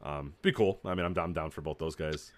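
A man co-hosting a casual podcast, talking loosely with lots of fillers. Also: rumbling low. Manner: fast, loose, filler-heavy talk. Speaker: podcast co-host.

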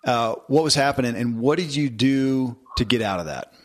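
A man hosting a podcast interview, asking long, halting questions that he rephrases as he goes. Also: medium pitch. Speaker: podcast host.

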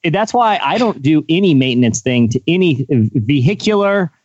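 A man's voice: on the high side, expressive, normal speed, darkish tone, dry recording, lo-fi sound. A man hosting a podcast in casual chat, asking his guest playful, teasing questions. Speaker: podcast host.

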